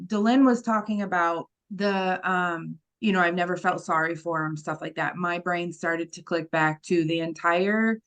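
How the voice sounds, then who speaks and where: A woman co-hosting a podcast, talking bluntly in casual chat and swearing at times. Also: fairly low pitch. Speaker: podcast co-host.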